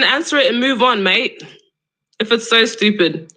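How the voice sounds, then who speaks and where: Young woman on a live stream, bright sharp voice, arguing and keeps repeating herself. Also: a little high, moderate pace, poor audio. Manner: argumentative, exasperated, repeats her question. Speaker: livestream debate host.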